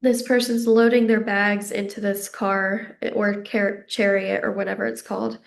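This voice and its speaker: A young woman giving a casual psychic tarot reading, a little out of breath, gentle and reassuring as she rambles with fillers. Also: medium pitch, level tone, normal speed, creaky. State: slightly out of breath. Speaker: tarot card reader.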